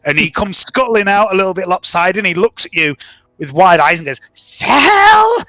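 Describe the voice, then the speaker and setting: A man's voice: high voice, a little fast, sharp tone, dry recording. A man narrating a tabletop game as game master, in a chatty, descriptive way. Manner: chatty, descriptive, laughs easily.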